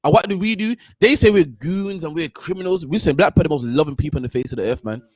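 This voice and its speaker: A man hosting a talk show, ranting and preaching fast, tagging "man" onto his lines. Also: fairly high pitch, no echo, studio quality. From United Kingdom. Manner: ranting, repeats "man" at line ends, mimics others. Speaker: host. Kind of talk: heated street-corner preaching.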